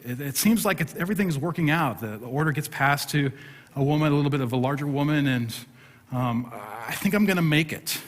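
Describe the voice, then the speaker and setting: A man's voice: on the high side, lively intonation, a little fast. A middle-aged man, a pastor, preaching a sermon and telling a self-deprecating story with humor. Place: church sanctuary. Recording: long hall reverb.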